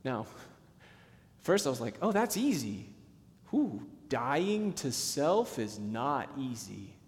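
A man's voice: medium pitch, big pitch swings. Impassioned male pastor in reverberant hall. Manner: impassioned, swinging between emphatic bursts and hushed, slow lines. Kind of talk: sermon.

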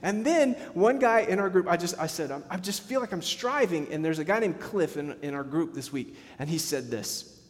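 A middle-aged male pastor preaching a sermon, passionate, swinging between emphatic bursts and hushed, slowed lines. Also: on the high side, expressive, long reverb tail.

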